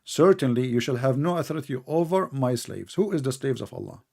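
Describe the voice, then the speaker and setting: A man hosting a fiery online debate, talking at an ordinary middle pitch. His tone is mocking and sarcastic, and he keeps cutting across the other side. Now and then he leaps up in pitch and volume in mock outrage. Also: very animated, fairly quick, creaky. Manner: bursts into loud, high-pitched outrage. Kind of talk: heated online religious debate.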